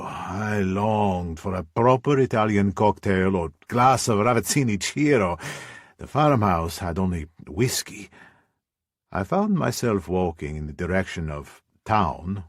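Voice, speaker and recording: A man reading a first-person audiobook in a measured, brooding way on a close studio mic. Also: low-pitched, no room sound. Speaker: audiobook narrator.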